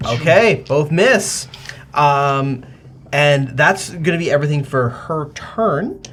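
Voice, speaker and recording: A man narrating as game master of a tabletop game, animated and hesitant with many fillers. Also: on the high side, takes it slowly, slight background noise.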